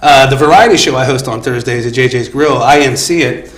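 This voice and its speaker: A man chatting easily as a guest on an interview show, spinning stories and laughing along. His voice sits at a middling pitch. He acts out the lines of other people in his anecdotes. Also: brisk, a bit bright. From Virginia, US. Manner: easygoing storyteller, laughs often, acts out quotes. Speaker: comedian guest. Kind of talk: casual interview chat.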